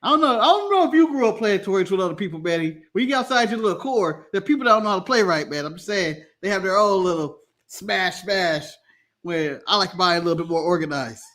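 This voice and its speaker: Here an American man with a voice that sits high talks quickly while co-hosting a podcast. He chats loosely through a watch-along, joking with plenty of energy and frequent laughs.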